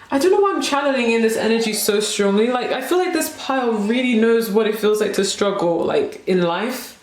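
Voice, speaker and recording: A woman's voice: a little high, lively intonation, brisk, hardly any pauses, slight background noise. A woman in her twenties giving a rambling, emotional tarot card reading, full of "like" and apologies. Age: 20s. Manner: emotional, rambling, heavy use of "like". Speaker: tarot reader. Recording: roomy echo.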